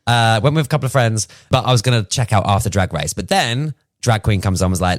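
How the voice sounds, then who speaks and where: A man's voice: on the low side, expressive, fast, hardly any pauses, dry recording, clean studio sound. A young man co-hosting a podcast, hungover, giggling often as he tells stories in casual chat. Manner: giggly, laughs often while storytelling. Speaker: podcast co-host.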